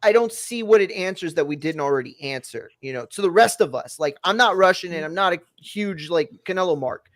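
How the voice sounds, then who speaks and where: A woman's voice: fairly low pitch, animated, brisk, few pauses. A woman in a casual chat who hedges and fills her points with lots of "like". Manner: hedging, uses many fillers.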